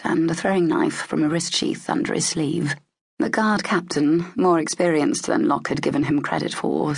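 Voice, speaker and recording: Husky, gravelly woman narrating an audiobook. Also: low-pitched.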